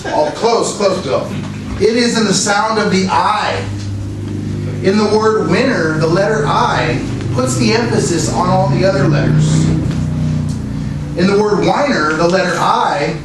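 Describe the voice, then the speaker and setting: A man with a fairly high voice delivers an earnest prepared speech at a club meeting. He asks the room rhetorical questions as he goes. He is recorded from a distance in a very echoey room. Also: lively intonation, a little slow. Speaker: Toastmasters speaker. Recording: echoey room, distant mic, faint noise.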